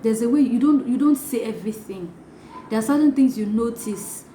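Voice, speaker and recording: A woman's voice: on the high side, moderate pace. A woman giving a motivational talk, acting out little scenes of gossip as she teaches. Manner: animated, acts out gossip in asides. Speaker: life coach. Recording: echoey room, faint noise.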